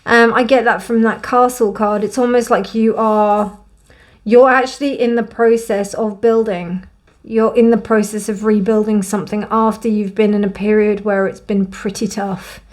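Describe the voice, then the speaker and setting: A young woman gives a casual, gently emotional tarot card reading in a warm, reassuring way. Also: mid-range voice, fairly even intonation, moderate pace. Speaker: tarot reader.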